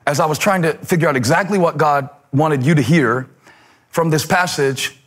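A male pastor preaching a sermon in a rhythmic cadence, repeating phrases for emphasis and dropping to a hush on key words. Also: fairly high pitch, moderate pace.

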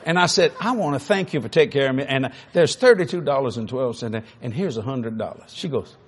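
A man preaching a sermon, telling a funny story with laughter and sudden shouts. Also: medium pitch, a little fast, husky. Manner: animated, laughing, bursts into shouts.

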